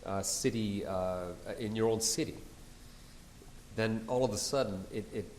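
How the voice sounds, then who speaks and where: A man interviewing a guest, speaking in a halting way with restarts. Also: on the low side, a little mellow, slight background noise. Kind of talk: interview conversation. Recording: echoey room.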